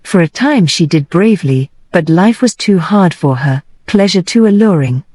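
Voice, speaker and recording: An earnest young man pours out an emotional confession about his lost sister, voiced by a woman reading an audiobook. The voice sits low and mellow, close and dry. He speaks with urgency and deep feeling. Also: animated, normal speed, no room sound.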